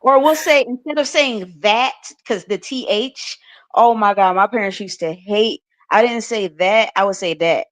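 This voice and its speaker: A woman's voice: fairly high pitch, moderate pace. A woman on a podcast panel talking casually, rambling with many fillers and restarts and laughing often. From United States. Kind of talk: casual livestream discussion.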